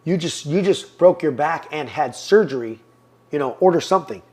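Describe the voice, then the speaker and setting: On a podcast, a man in his fifties earnestly relates his personal story and acts out other people's words. His voice runs a bit high and slightly mellow, animated but at a normal speed.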